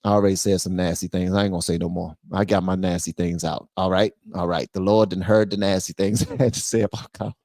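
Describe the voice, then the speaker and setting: Animated ranting live stream host. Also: male voice, sits low, quick pace, hardly any pauses, no room sound, clean studio sound. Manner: animated, loud swings between shouting and muttering. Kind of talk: ranting commentary and reading chat on a live stream.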